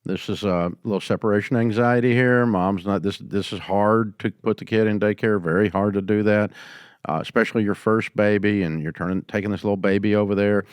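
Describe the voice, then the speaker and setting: An older man hosting a business advice show, answering a caller in a folksy storytelling way and going quieter when he quotes people. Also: on the low side, fairly even intonation, a little fast, clear, resonant tone, no room sound, studio quality. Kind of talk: call-in advice talk.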